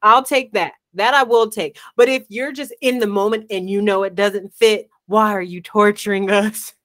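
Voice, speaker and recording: A woman co-hosting a podcast, telling stories in an animated way, laughing often and swearing in casual chat. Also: mid-range voice, normal speed. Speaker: podcast co-host.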